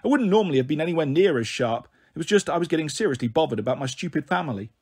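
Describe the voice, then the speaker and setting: A man reading a novel aloud in an expressive storybook style, giving voice to the characters' dialogue. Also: fairly high pitch, rapid-fire, breathy edge. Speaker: audiobook reader.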